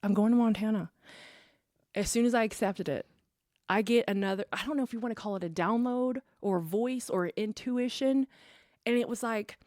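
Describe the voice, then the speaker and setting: A woman's voice: mid-range voice, a little mellow, dry recording, clean studio sound. A woman guest on a podcast, telling her own story in casual chat and acting out what others said. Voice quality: acts out quoted dialogue. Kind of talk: animated personal storytelling.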